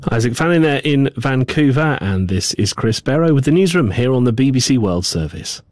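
A man presenting radio news in a conversational, lively way. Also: mid-range voice, fairly quick, no echo, clean studio sound.

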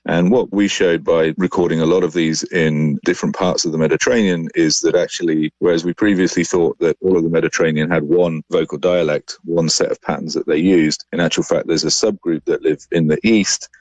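A man, a scientist, calmly explaining research in an interview. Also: deep voice, a little fast, few pauses, dry recording.

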